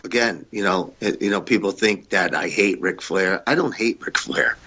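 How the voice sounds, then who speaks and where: A man's voice: low-pitched, moderate pace, bright, forceful tone, breathy edge, dull audio. A man telling blunt, profane stories as a podcast guest, acting out the people he quotes in a raised voice. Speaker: podcast guest, former wrestler. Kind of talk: casual interview storytelling.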